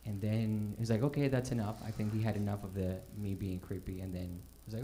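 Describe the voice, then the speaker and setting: A man doing stand-up, telling a self-mocking story in an animated way and acting out what people said. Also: lowish voice, quick pace, few pauses, a little hiss or hum. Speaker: stand-up comedian.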